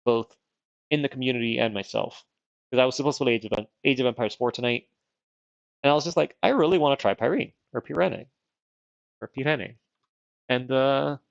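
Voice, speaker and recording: Gravelly casual male game streamer. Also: mid-range voice, no echo, highs cut off. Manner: rambling, self-deprecating, thinks aloud. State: wearing dental retainers. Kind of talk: casual game livestream chat.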